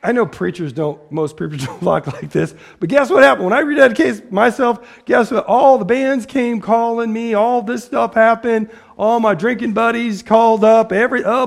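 A pastor who preaches plainly and bluntly, like he is chatting with the room. His voice sits high for a man and has a gravelly edge. He restarts and repeats words as he goes and slips into quick impressions of the people in his stories. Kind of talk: casual sermon.

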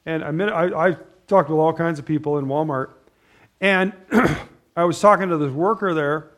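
A middle-aged pastor with a fairly high, slightly bright voice delivers a loose sermon built around stories, at a moderate pace. He rambles conversationally to his congregation, restarting sentences and dropping in asides.

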